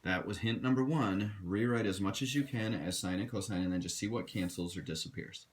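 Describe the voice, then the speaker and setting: In a recorded math lesson, a man with a voice on the low side talks briskly to his students. He keeps things direct and instructive, referring to them as "you guys."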